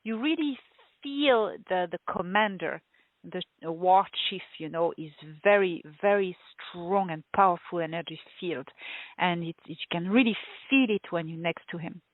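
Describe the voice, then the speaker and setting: A woman being interviewed as a guest, telling her story in a halting way, with many fillers and restarts and frequent laughter. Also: lowish voice, no room sound. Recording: tinny phone-like line.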